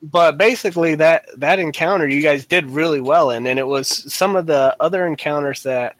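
A man's voice: fairly high pitch, normal speed, no echo, rough recording. A man who runs a tabletop game, chatting in a laid-back, rambling way. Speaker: dungeon master. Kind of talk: casual chat.

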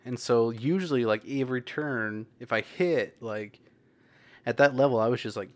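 A man who plays tabletop games, chatting and telling stories in an animated, laughing way. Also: mid-range voice, normal speed. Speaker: tabletop game player. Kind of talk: casual chat.

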